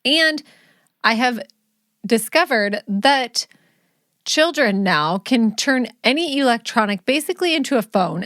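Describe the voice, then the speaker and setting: A woman's voice: a little high, a bit bright, no room sound, clean studio sound. A middle-aged woman and mother, co-hosting a casual podcast chat, blunt and joking as she acts out scenes from her stories.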